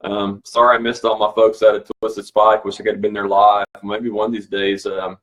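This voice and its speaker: A man's voice: on the low side, level tone, normal speed. A man hosting a weekly cycling update livestream, talking in a casual, rambling, easygoing way and chuckling now and then.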